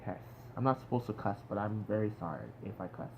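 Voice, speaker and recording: A young man giving a casual spoken review, animated and exclamatory, full of "like" fillers. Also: on the low side, fast. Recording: dull lo-fi sound with faint background noise.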